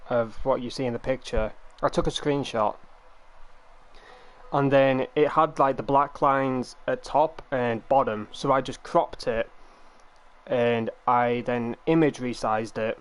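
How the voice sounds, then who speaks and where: A young man chatting casually on a live stream, rambling through long explanations of how he took his screenshots. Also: medium pitch.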